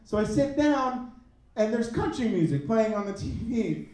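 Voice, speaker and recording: Animated man in his thirties doing stand-up. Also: fairly quick, very echoey, distant mic, poor audio. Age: 30s. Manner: animated, swings pitch up for punchlines. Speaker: stand-up comedian. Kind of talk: stand-up comedy set. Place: comedy club stage.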